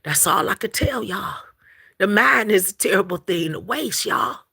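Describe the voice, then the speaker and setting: A woman's voice: medium pitch, animated, normal speed, gravelly, pushed and bright, husky. A woman hosting a casual spiritual livestream, talking emphatically, repeating herself, laughing often and calling her listeners "collective".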